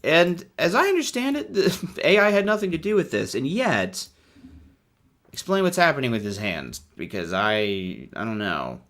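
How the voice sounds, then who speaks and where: A man's voice: mid-range voice, huge pitch swings, normal speed, fairly bright tone. A man hosting a casual, irreverent comedic commentary, laughing often as he talks. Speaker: host.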